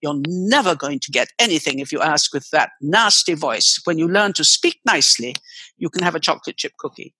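A woman voicing a stern parent scolding a child in a lower, reproving tone. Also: animated, fairly quick, sharp tone, breathy edge, no room sound, full character voice.

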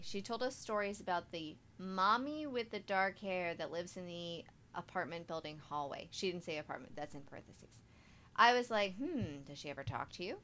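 A woman co-hosts a chatty podcast, her voice bright and forceful. She reads listener stories aloud, stops to toss in asides, and laughs often. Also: mid-range voice. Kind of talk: casual chat.

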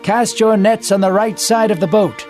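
A man voicing the risen Jesus, speaking softly and reassuringly in a storybook reading. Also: mid-range voice, lively intonation, a little slow, soft background music, close to an everyday voice. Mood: gentle. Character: risen Jesus, calm gentle male teacher.

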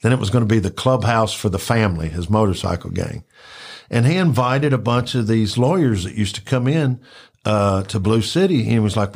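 A man's voice: fairly low pitch, moderate pace, gravelly, breathy edge. A man telling rambling stories in casual chat, full of fillers and acted-out quotes. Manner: rambling, animated, acts out quotes with filler words. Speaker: storyteller recalling work at a club.

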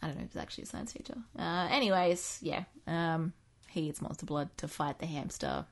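Woman, low-ish voice, rambling, sarcastic casual storyteller. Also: sing-song, brisk. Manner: rambling, sarcastic, full of fillers and asides. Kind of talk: casual chat, recapping books.

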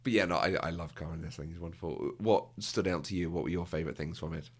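Deep-voiced British man chatting. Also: fast talker, slightly rough. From Britain. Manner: chatty, laughs often, acts out quotes. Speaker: podcast co-host. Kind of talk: casual chat.

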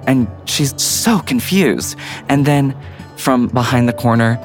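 A man's voice: medium pitch, slow, over music. A man narrating an improvised bedtime story in a rambling way full of fillers. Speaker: guest storyteller.

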